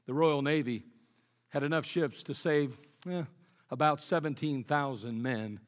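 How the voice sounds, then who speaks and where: A man preaching a sermon with earnest conviction, dropping low and quiet on his key points. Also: measured pace. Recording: long reverb of a large hall.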